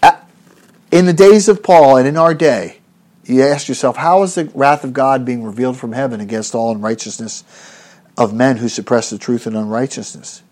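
A man's voice: mid-range voice, normal speed, darkish tone. A man preaching an expository sermon in an earnest, emphatic way, rising on rhetorical questions and often restarting his phrases.

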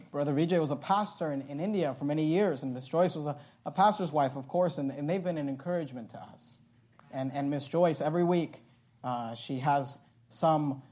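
A pastor preaching a sermon with impassioned delivery and many quick restarts of his phrases. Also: fairly high pitch, a little mellow.

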